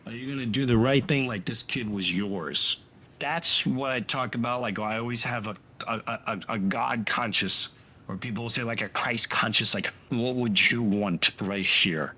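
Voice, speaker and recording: A man telling an emotional personal story in a halting way, full of restarts, acting out the lines of the people in it. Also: mid-range voice, sharp tone.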